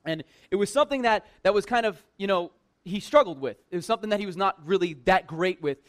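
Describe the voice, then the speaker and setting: A church worker with a high voice tells a funny personal story at a fast clip. His casual storytelling is lively and conversational, packed with "like" and self-mocking humor.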